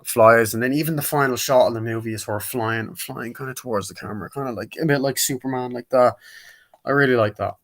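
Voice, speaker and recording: A man's voice: mid-range voice, brisk. A man giving a casual, rambling movie review, retelling scenes and acting out lines from them. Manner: rambling, retells scenes and acts out quotes in put-on voices.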